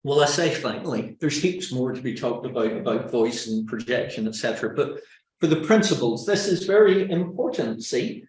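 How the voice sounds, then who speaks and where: A man from Northern Ireland with a Northern Irish accent presents a public speaking webinar in a lively, joking way, full of self-mocking stories. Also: mid-range voice, brisk. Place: indoors, on a video call. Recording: roomy echo.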